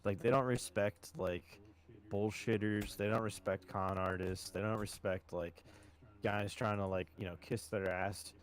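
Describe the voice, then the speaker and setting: Low-pitched male podcast host, relaxed profane storyteller. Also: measured pace. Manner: swears a lot, storytelling, calls listeners boys. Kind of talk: casual chat.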